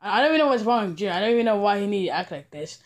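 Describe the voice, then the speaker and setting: A man doing a stammering, exasperated dad. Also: animated. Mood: grumbling. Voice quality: stammering, halting delivery with many restarts. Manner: sighing, grumbling, low and muttered. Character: exasperated hot-tempered adult dad. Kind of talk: comedic puppet sketch acting.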